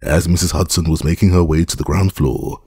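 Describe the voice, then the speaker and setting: Very deep, gravelly male narrator. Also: fairly even intonation, warm tone, no room sound, clean studio sound. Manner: measured, formal storytelling. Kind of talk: scripted audiobook narration.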